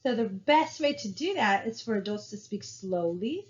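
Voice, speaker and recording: A woman's voice: mid-range voice, animated, moderate pace. Lady teacher talking thru her slides, lots of ums and "right?", sound kinda dull and muffled. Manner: conversational, many fillers and tag questions. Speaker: college lecturer. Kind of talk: recorded slide lecture. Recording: dull lo-fi recording.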